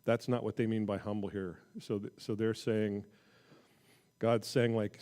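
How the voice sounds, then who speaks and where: Relaxed conversational male Bible teacher. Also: lowish voice, measured pace. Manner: conversational, animated when reading scripture aloud. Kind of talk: casual midweek Bible teaching.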